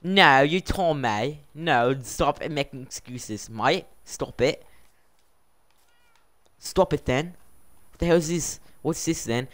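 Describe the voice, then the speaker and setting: A man's voice: on the high side, slow pace, pauses often, fairly bright tone. A man live-streaming and running a game server, exasperated and scolding his players while laughing often. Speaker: livestreamer running a Minecraft server. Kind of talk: casual live-stream commentary.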